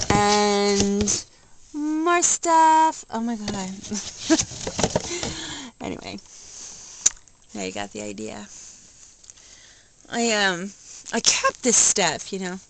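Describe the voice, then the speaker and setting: An older woman talking casually in a rambling, nostalgic way, laughing softly now and then. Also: mid-range voice, noisy background. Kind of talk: casual home video vlog.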